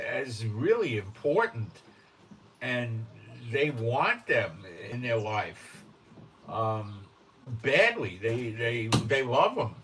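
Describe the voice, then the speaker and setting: A man delivers an unscripted religious monologue in a blunt, insistent manner, often pausing to ask if you follow. He sits back from the mic, with a faint hiss of noise underneath. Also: medium pitch, far from the mic. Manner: blunt and emphatic, often checks in with "okay?". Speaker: religious commentary host.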